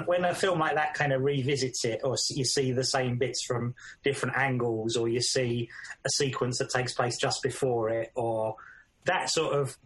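A man's voice: medium pitch, fairly bright tone. A man in casual chat about films, thoughtful and a little hesitant. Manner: thoughtful, hesitant, loose phrasing. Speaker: film discussion co-host.

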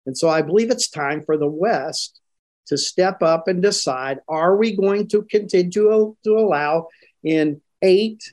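An older man speaks with earnest conviction as a former commander in a broadcast interview. His voice sits a little high for a man. He slows down and leans hard on the words he wants to land. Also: a little mellow. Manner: earnest, emphatic, slows down to stress points. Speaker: interview guest, retired military commander.

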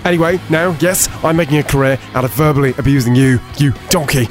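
A man impersonating a foul-mouthed celebrity chef who barks insults while pitching a podcast. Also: fairly even intonation, quick pace, over music, natural voice. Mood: abusive. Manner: sweary, barking insults. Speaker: podcast host impression.

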